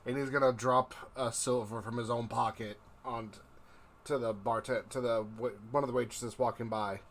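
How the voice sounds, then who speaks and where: A man's voice: mid-range voice, steady tone, moderate pace. A man narrating as dungeon master in a casual, swearing style. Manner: casual, profane, laughing. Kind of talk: narrating a tabletop game.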